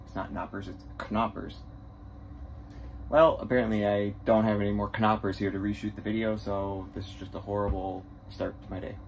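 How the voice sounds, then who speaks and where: A man on tour as a bassist, chatting straight to the camera in a casual travel vlog and poking fun at himself. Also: little pitch movement, fairly quick, hardly any pauses, slight background noise. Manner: chatty, self-mocking, talks straight to camera. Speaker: touring bassist.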